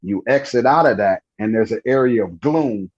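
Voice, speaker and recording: A man from Louisiana telling about a night encounter in an interview, halting and restarting as he acts out the dialogue. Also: on the low side, animated, darkish tone, breathy edge, lo-fi sound. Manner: slow, halting storytelling with restarts and acted-out dialogue. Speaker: guest telling an encounter story. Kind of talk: storytelling interview.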